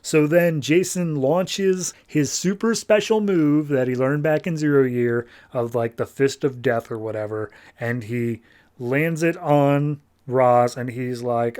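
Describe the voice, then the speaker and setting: A man with a voice on the higher side hosts a comics podcast. He recaps the story casually, jokes as he goes, and slips into quick paraphrases of the characters. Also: a little mellow. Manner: loose, joking, quotes characters casually. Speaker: podcast host.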